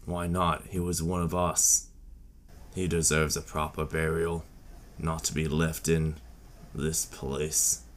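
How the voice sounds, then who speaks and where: A man's voice: extremely low pitch, little pitch movement, slow, slight background noise. A man playing a tabletop game, speaking in character with dry retorts. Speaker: player.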